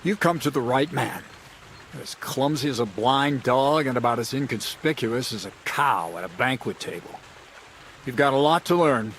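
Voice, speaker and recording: A man's voice: medium pitch, lively intonation, moderate pace, a bit bright, a little hiss or hum. An actor playing a wry, scheming male thief mentor in a video game, giving advice with dry mockery. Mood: mocking. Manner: wry, mocking, conspiratorial. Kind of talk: studio video game dialogue.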